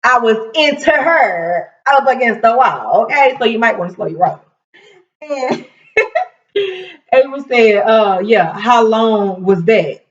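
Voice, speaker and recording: A woman hosting a casual TV recap, retelling scenes in an animated way, laughing often and quoting the characters in quick asides. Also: a little high. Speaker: recap show host. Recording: roomy, distant, dull sound.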